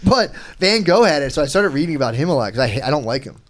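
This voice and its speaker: A man's voice: fairly high pitch, big pitch swings, fast talker. A man talking as a podcast guest, telling a long rambling story in casual chat, swearing often and breaking into laughter.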